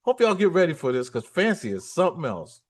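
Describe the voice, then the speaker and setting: A man's voice: fairly high pitch, big pitch swings, a little fast, darkish tone. A man hosting a music livestream, talking in a chatty, upbeat, rambling way. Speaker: livestream host. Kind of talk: casual livestream chat.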